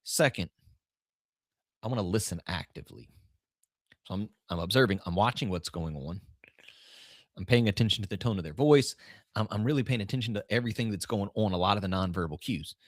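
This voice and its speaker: Lowish-voiced male coach, dry close sound. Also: lively intonation, fairly quick, pauses often, no room sound. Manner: rambling, with restarts and shifting emphasis. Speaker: podcast host and business coach. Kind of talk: casual coaching talk.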